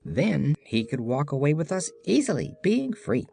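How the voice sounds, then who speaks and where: A reader voicing a cheerful, lively patchwork doll girl who talks with excitement in a storybook reading. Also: mid-range voice, normal speed, vocal fry. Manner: bright, excited. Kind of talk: audiobook character voice.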